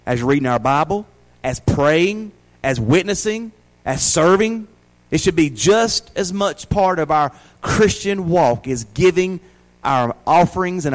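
Southern US pastor, man in his forties, high-pitched, folksy sermon delivery. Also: rough recording. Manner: folksy, down-home preaching with rhetorical questions.

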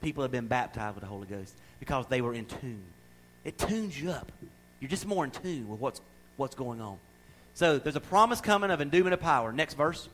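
A middle-aged man preaching a sermon, emphatic and loud at times, then dropping into quiet asides. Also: a little high, big pitch swings, a little fast, poor audio. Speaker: pastor.

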